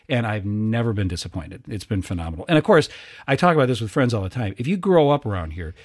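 A man's voice: on the low side, darkish tone, slightly rough. A man hosting a casual talk show, friendly and enthusiastic in his conversation. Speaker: host. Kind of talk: casual chat.

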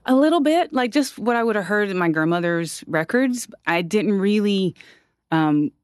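Musician from north carolina, reflective casual talk, halting, many restarts, dry close sound. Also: medium pitch, animated, clear, resonant tone, no room sound. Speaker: musician guest.

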